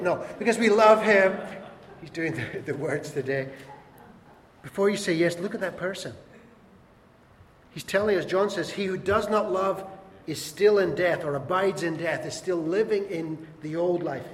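A man's voice: sits high, slight background noise. A man preaching a sermon as pastor, earnest and emphatic, asking the congregation questions. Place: church hall. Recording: echoey hall with long reverb.

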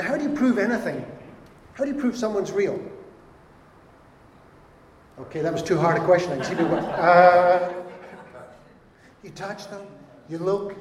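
Brief: lively male preacher, slightly higher voice, long hall reverb, faint room ambience. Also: slight background noise. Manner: animated, acts out quoted voices. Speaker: pastor. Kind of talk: sermon.

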